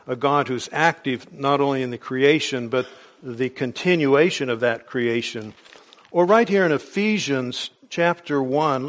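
A man preaching a sermon in a measured, explanatory way, with small restarts as he goes. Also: medium pitch.

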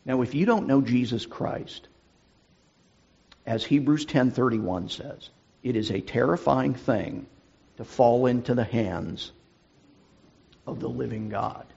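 A middle-aged male pastor with a husky voice, preaching a sermon in an earnest, deliberate way. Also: medium pitch, mellow, highs cut off.

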